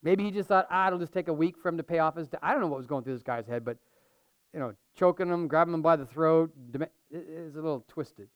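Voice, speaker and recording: A male pastor giving a sermon, reading scripture and explaining it in a conversational, animated way with humorous asides. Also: a little high, fast talker, no echo.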